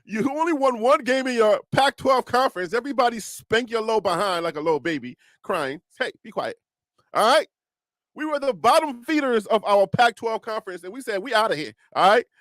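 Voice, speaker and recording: A man with a Liberian accent hosting a casual sports talk livestream, animated, laughing often and speaking straight to his viewers. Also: high voice, dry recording. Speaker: host.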